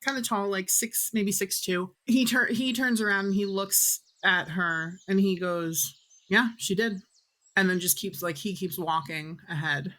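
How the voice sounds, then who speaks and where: A woman's voice: medium pitch, steady tone, moderate pace, hardly any pauses, sharp tone. A woman narrating a tabletop game as game master, rambling with lots of fillers.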